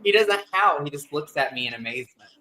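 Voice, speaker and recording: A man chats on a casual podcast in a giggly, talkative way. His voice is a touch high and carries a bright, forceful edge. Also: expressive, fast talker, poor audio. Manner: chatty, giggly. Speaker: podcast co-host. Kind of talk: casual chat.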